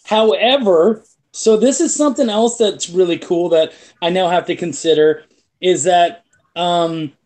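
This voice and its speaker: A man with a notably high-pitched voice talks casually about his work as a comic creator. He tells his stories with lively energy and swears without hesitation. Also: unhurried. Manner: animated storyteller who swears freely. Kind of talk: casual chat.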